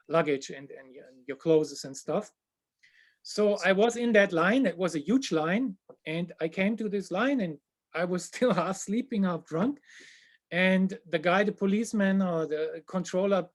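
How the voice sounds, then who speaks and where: A man with as his telling a funny tour story in casual chat, animated and dropping to a hushed voice at embarrassing moments. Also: high-pitched.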